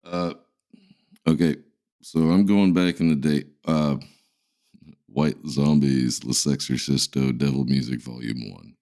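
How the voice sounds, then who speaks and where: A man's voice: extremely low pitch, steady tone, measured pace, vocal fry, pauses often, mellow. A man co-hosting a podcast in a laid-back, rambling chat, swearing freely. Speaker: podcast co-host. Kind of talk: casual chat.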